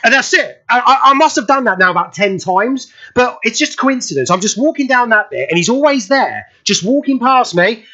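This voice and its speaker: Male radio host, high and bright, chatty storyteller who laughs a lot, dull lo-fi sound. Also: animated, moderate pace, hardly any pauses. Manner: chatty anecdote-telling, laughs often. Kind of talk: casual radio chat.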